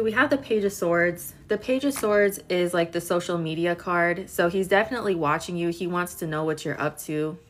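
This tarot reader's voice sits fairly low in pitch, with a fairly bright tone. She's a woman in her twenties giving a laid-back live-stream reading, talkative and full of filler words as she addresses her viewers.

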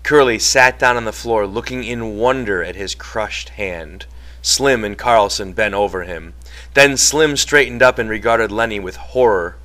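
A man narrating a novel as an audiobook in a measured, dramatic way. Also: on the low side, pushed and bright. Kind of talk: novel reading.

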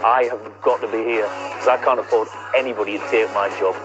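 A man who works as a voice-over narrator, talking about his job in a measured, deadpan way. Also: fairly low pitch, highs cut off, music in the background. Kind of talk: mock-documentary interview and chat.

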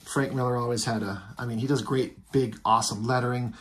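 A man talks through a comic book in a loose, casual review. He rambles, restarts and fills gaps with ums. His voice sits at an ordinary middle pitch. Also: steady tone, fairly quick, a little hiss or hum. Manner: rambling, filler-heavy.

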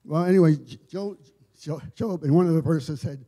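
A man giving an informal church sermon, telling stories in a halting way, often repeating and restarting his words. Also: a little high, warm tone. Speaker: lay preacher. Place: church service.

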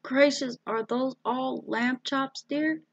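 A plump, motherly woman who fusses kindly over everyone, as a woman reads her part. Her voice sits high and bright. The recording is dry and close. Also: slow pace, creaky, no echo, muffled recording, full character voice.

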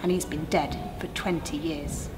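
A woman reading a story aloud and voicing a grim male coach driver, speaking low and quietly. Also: fairly even intonation, normal speed, music in the background, natural voice, poor audio.

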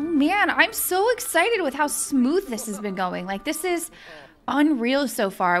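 A young woman giving excitable, chatty let's-play commentary as a gaming video host, thinking aloud as she plays. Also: a little high.

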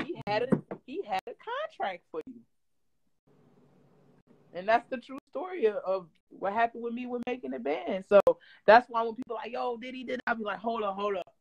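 A woman from Detroit tells her story in a casual interview, with a voice pitched a little high. She talks in an animated, profane way. She acts out quotes loudly. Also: normal speed, low-quality recording. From Detroit, USA. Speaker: guest.

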